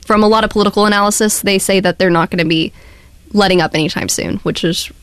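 Radio co-host, woman, measured and hedging in a casual debate; mid-pitched, dry studio sound. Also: fairly even intonation, a bit bright, clean tone, no room sound. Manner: measured, hedging, cites news articles.

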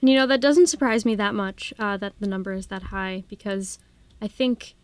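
A woman's voice: medium pitch, normal speed, dry recording. A young woman from Minnesota, a guest on a college radio show, speaking in an easygoing, thoughtful way. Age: young adult. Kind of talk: casual radio show chat.

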